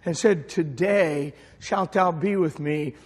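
High-voiced preacher in an echoing hall. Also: male voice, takes it slowly, breathy edge. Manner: swings from quiet storytelling to shouted appeals. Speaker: pastor. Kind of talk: sermon with story. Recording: long hall reverb.

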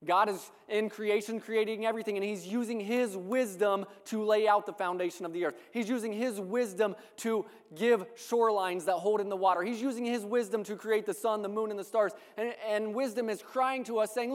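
A man's voice: high-pitched, steady tone, fairly quick, few pauses. A man preaching a sermon in a church, earnest and building on repeated phrases. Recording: long reverb of a large hall.

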